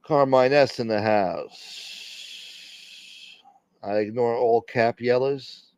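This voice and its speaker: A man's voice: mid-range voice, takes it slowly, a little mellow, smooth, dry recording. A man hosting a casual livestream, reading out chat and rambling crudely with lots of swearing.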